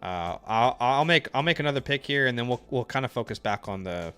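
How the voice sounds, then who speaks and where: Man, mid-pitched, co-host energy, easygoing but blunt, soft music bed underneath. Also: brisk, clean tone. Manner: relaxed, laughs easily, emphatic opinions. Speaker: co-host of a fantasy football stream. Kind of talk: casual live-stream chat.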